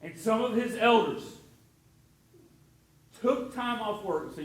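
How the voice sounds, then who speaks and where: A man in middle age delivers a sermon as a pastor, drifting from story to story with casual asides and frequent restarts. His voice sits fairly high for a man, and it rings out through a reverberant church space. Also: measured pace. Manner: storytelling, conversational with many restarts.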